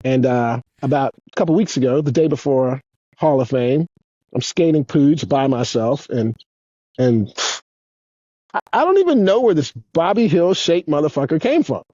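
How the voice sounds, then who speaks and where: A man in his fifties, a guest on an interview show, telling rambling, profane stories in a casual, animated way. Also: a little high, moderate pace, no room sound, muffled recording. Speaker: guest, former pro skateboarder. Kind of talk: casual storytelling.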